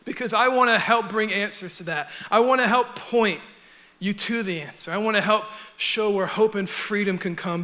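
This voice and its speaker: Earnest, high, bright-voiced male pastor. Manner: earnest, conversational preaching with soft, quiet stretches. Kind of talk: sermon. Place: church auditorium.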